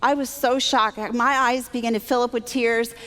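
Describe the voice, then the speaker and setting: A woman sharing a personal faith testimony, animated and self-deprecating, acting out her own thoughts as she tells the story. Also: fairly high pitch, moderate pace. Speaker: Christian speaker. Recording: long hall reverb.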